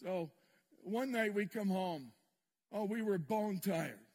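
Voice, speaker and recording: Older guy preaching, high-pitched and kinda husky, candid and self-mocking, big echoey church hall. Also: expressive, slow pace, a little mellow. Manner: candid, self-deprecating storytelling with humor. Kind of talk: sermon storytelling. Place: church sanctuary with congregation. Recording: long reverb in a large hall.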